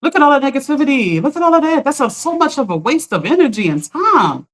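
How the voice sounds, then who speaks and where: A woman life coach with a somewhat high voice talks straight to her live-stream viewers. She is emphatic and encouraging, calling them "y'all" and pressing her point again and again. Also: very animated, fast talker. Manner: earnest and encouraging, greeting viewers by name. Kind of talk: live-streamed motivational talk.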